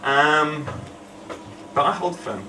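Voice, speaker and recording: A man's voice: fairly high pitch, lively intonation, slow pace. Brief: male storyteller rambling through a funny true story, heard from a distance in a roomy hall with background noise. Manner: rambling, self-deprecating, humorous. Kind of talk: live storytelling on stage. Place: event hall. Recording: echoey hall, distant mic, noisy.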